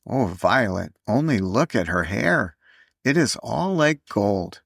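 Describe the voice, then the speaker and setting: A man voicing a small, affectionate boy in a storybook reading, speaking with careful, deliberate pronunciation. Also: on the low side, animated, gravelly, fairly bright tone, no room sound, clean studio sound, heavily acted. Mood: delighted.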